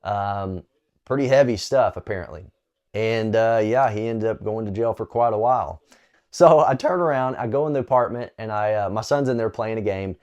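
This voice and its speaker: A man telling a personal faith story in a relaxed, conversational way, with frequent small fillers. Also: fairly low pitch, moderate pace, muffled recording. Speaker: storyteller sharing a faith testimony. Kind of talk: casual spoken testimony.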